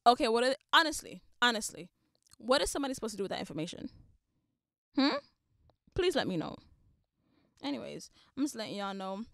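A young woman rants bluntly into a close podcast mic, cursing freely and laughing between points. Her voice is smooth and clear, sitting a bit high for a woman, and the sound is dry with no room echo. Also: big pitch swings, a little fast, pauses often, sharp tone. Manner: blunt, profane, ranting with laughs. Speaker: podcast host. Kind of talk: casual monologue.

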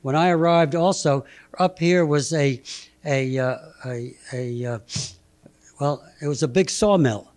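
A man in his eighties giving a halting, anecdotal slide talk, chuckling between memories. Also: a little high, a little mellow. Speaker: guest speaker presenting slides. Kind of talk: anecdotal lecture.

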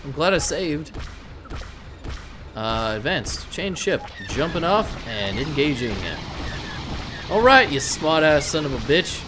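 A man doing let's play commentary, excitable and swearing often as he talks back to the game. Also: fairly high pitch, takes it slowly, long pauses. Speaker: gameplay commentator. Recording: game music underneath.

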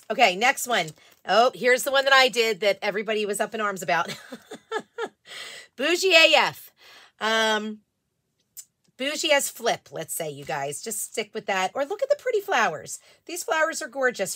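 Chatty female live-stream host, craft seller, bright and a touch high, dry close sound. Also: no room sound. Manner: chatty, greets viewers by name, many fillers. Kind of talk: casual live-stream chat.

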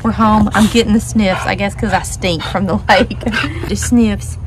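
A woman's voice: medium pitch, steady tone, normal speed. A woman from Western Kentucky with a Kentucky accent, chatting casually in a vlog and cooing sing-song at her dogs. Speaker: vlogger. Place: outdoors by a lake and at home. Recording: noisy outdoor recording.

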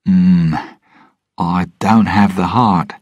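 A man's voice: low voice, steady tone, extremely slow, dry recording, dull audio, full character voice. A man voicing a cocky, carefree male pirate captain, playful and teasing, in a storybook reading.

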